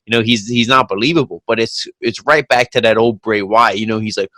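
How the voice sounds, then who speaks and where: Blunt laid-back dude on a podcast, dry mic, swears casually. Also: male voice, lowish voice, a little fast, pushed and bright, dry recording. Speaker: wrestling podcast co-host. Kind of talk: casual chat.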